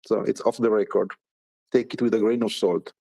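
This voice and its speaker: A man giving a casual news update in an online audio room, halting, with many filler sounds between phrases. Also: fairly low pitch, little pitch movement, vocal fry, warm tone, low-quality recording.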